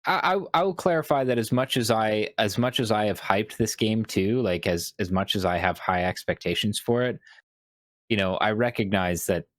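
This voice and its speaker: A man co-hosting a casual gaming podcast, talking in a thoughtful, measured way with many fillers. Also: on the low side, no room sound. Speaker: podcast co-host. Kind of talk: casual chat.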